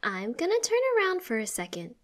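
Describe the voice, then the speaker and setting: A woman's voice: on the high side, wildly swooping pitch, fairly quick, voice pushed up. A woman voicing a cheerful, caring teenage girl who fusses over her sibling in a read-aloud story. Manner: bright, eager, fussing. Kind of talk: storybook reading.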